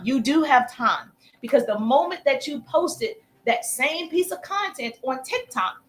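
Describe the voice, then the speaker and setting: A woman coaching viewers on a live stream, chatty and energetic, breaking off to thank viewers as she teaches. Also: high voice, measured pace. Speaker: social media coach.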